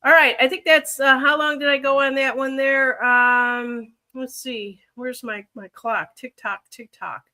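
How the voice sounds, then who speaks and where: Chicago woman hosting a loose livestream, bright tone, lots of ums and thinking aloud. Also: high voice, steady tone, a little slow, few pauses. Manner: rambling, thinks aloud with many fillers. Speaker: livestream reader. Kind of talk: casual livestream chat.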